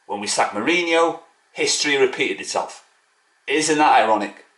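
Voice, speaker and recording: Mocking fan vlogger, middling pitch, room echo on his voice. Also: animated, moderate pace, a bit bright. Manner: mocking, scornful ranting. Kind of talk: ranting fan video to camera. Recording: echoey room.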